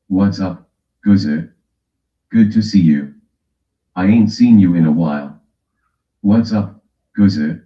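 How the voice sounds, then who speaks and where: A man with a New York accent argues and teases in a profane, bickering way. His voice sits very low. The stream audio is muffled and echoey. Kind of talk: casual argumentative stream chat.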